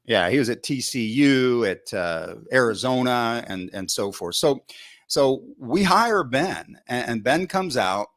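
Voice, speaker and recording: A middle-aged football coach, a podcast guest, telling coaching stories in an animated way and acting out his own past thoughts, with frequent restarts and "you know" fillers. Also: mid-range voice, a little slow. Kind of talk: storytelling in a podcast interview.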